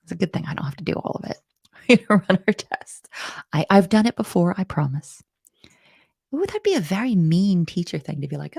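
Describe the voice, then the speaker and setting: A playful woman instructor talks through a live coding lesson, thinking aloud and reacting to her chat. Her voice is husky with a gravelly edge and moves lively up and down. The sound is dry and close. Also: on the low side, moderate pace, no echo.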